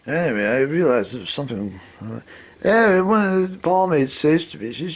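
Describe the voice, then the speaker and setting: A man telling a long rambling story about his own life. His voice is gravelly and husky, and it swings up and down a great deal as he goes. He swears now and then. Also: fairly high pitch, animated, a little fast.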